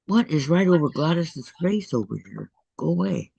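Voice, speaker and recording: A man hosting a crafting video call, chatting casually and laughing often, with his voice going hoarse. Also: a little high, animated, normal speed, no room sound. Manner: chatty, laughs often, greets viewers warmly. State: losing his voice. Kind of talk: casual chat while crafting. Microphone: computer microphone on a video call. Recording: dull lo-fi video call audio.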